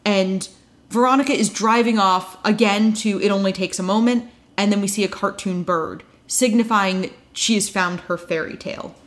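A woman's voice: medium pitch, fairly bright tone. A woman co-hosting a podcast, recapping a TV episode in casual chat with wry asides. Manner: chatty, wry asides, quick quoted voices.

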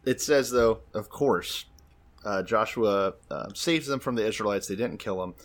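A man's voice: lowish voice, moderate pace. A man co-hosting a casual comedic chat, retelling a scripture story wryly with swearing and laughter. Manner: wry, swearing, laughs often. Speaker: podcast co-host.

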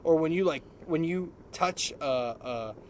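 A man's voice: on the high side, measured pace, a little mellow, a little hiss or hum. A middle-aged man telling a story in casual chat, laughing often and mimicking other people's voices. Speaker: podcast co-host.

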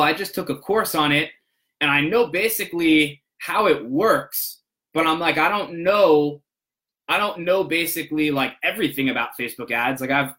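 A man's voice: medium pitch, bright, forceful tone. A young man casually telling a long, rambling story to his viewers, full of restarts and "he's like" quotes. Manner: rambling, many restarts and "I'm like".

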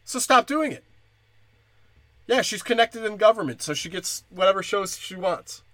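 A man's voice: high-pitched, lively intonation, normal speed, fairly bright tone, dry recording. A young man doing a crude, profane stand-up comedy rant.

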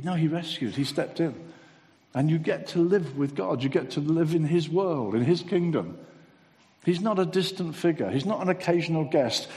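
A man preaching a sermon, acting out little dialogues with lively energy and ending in a gentle altar call. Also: a little high. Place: church hall. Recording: long hall reverb.

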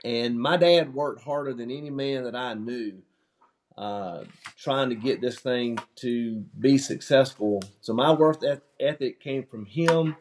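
A man talking in a relaxed, plain-spoken way, telling stories as a guest in a casual interview. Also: mid-range voice, unhurried. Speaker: company founder's son, guest.

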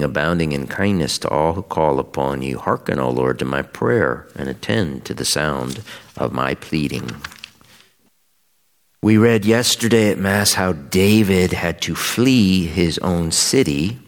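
A priest gives a homily in a very deep, low voice. He reads the scripture in a measured, solemn way. Then he explains it in a plainer preaching tone. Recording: radio broadcast.

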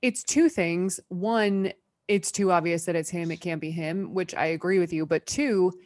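A woman co-hosting a podcast, chatting casually, asking questions and making quick asides. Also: on the low side, darkish tone, dry recording. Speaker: podcast co-host. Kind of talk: casual chat.

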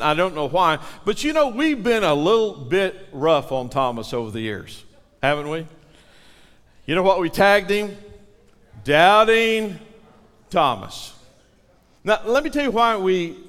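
High-voiced preaching man in a reverberant church. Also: fairly bright tone. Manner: dramatic preaching, calls on the congregation to repeat lines. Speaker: pastor. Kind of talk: sermon.

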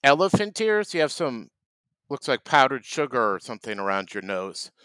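A man improvising a comedy sketch as a food vendor, deadpan. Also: medium pitch, normal speed, smooth, no room sound. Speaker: comedy podcast host.

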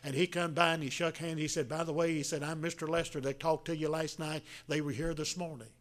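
An older preacher in his seventies delivers a homespun sermon, his voice sitting a little high for a man. He talks in a folksy, halting way, with plenty of fillers and restarts as he works his way through each point. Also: level tone. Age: 70s. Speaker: pastor.

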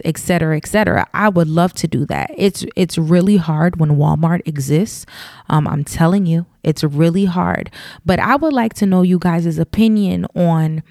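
A woman with a light Southern twang speaks in a lowish, gravelly voice. She chats candidly to her listeners in a loose monologue full of ums and asides, recorded close and dry. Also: darkish tone, no echo. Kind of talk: casual opinion monologue.

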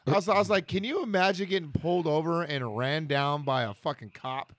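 A man's voice: on the high side, a little fast, fairly bright tone. A man co-hosting a podcast, telling stories in a casual, profane chat. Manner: profane, storytelling. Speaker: podcast co-host.

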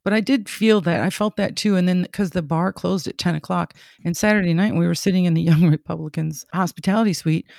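A man's voice: high voice, brisk, vocal fry, few pauses, a little mellow, no echo. A man chatting casually in an earnest, conversational way.

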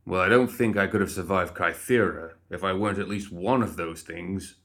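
A man's voice: low voice, moderate pace, a bit bright. A man voicing a boastful, condescending undead man who is only a severed head, in a storybook reading. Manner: smug and boastful.

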